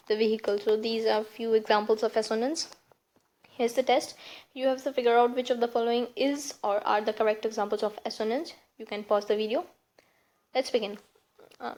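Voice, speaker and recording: A woman teaching a video lesson, reading her examples slowly with heavy stress and often correcting herself mid-sentence. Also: a little high, steady tone, a little mellow, rough recording. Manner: reads examples slowly and stressed, with frequent restarts and self-corrections. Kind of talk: video lesson on figures of speech.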